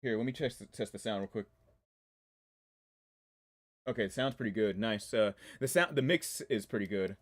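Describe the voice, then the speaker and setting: Here a young man in his twenties, a DC-area native whose accent mixes in New York, talks at a moderate pace with long pauses in a fairly low voice. He's reading chat on a casual gameplay stream, rambling, chatting, and laughing often.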